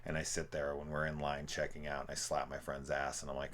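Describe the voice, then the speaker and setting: A young man with a very low, deep voice talks through a film in a loose, rambling way. He swears freely and peppers every thought with "like" and "um". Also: flat delivery, brisk, fairly bright tone, slight background noise. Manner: rambling, profane, full of "like". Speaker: film reviewer. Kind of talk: casual movie review commentary.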